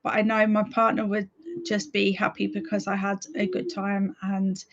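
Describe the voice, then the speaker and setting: A woman's voice: medium pitch, flat delivery, moderate pace, vocal fry, dull audio, noisy background. Giggly woman chatting on stream. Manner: chatty, giggly, reads viewer comments aloud. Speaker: streamer hosting reading sprints. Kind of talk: casual livestream chat reading comments.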